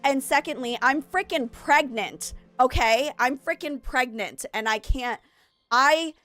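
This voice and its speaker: A woman's voice: high voice, a little slow, pushed and bright. A woman streaming a game, chatting in a rambling way that jumps between topics, a little out of breath. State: slightly out of breath. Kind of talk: casual chat while streaming a game. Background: faint game music.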